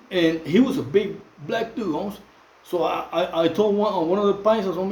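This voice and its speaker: A man's voice: high voice, fairly quick, a little mellow, reverberant, poor audio. A middle-aged Mexican man talking straight into his phone in a loose monologue, heavy on slang, fillers and restarts. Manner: repetitive, many fillers and restarts, street slang. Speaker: channel host. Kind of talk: casual monologue to camera.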